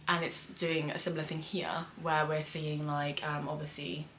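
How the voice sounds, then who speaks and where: A young British screenwriter records a casual reaction vlog at home, where the windows are open on a hot day, talking loosely with frequent fillers and swearing. Her low-pitched voice barely moves in pitch, comes at a normal speed with a fairly bright tone, and there's slight background noise.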